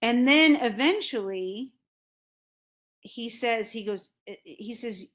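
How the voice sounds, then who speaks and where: A woman's voice: on the high side, lively intonation, slow pace, a bit bright. A woman teacher giving a casual lecture, paraphrasing a play in a conversational way with frequent restarts.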